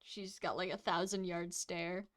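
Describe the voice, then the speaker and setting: A woman's voice: lowish voice, flat delivery, a little slow. Woman gm narrating a tabletop game, playful, giggly. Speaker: game master.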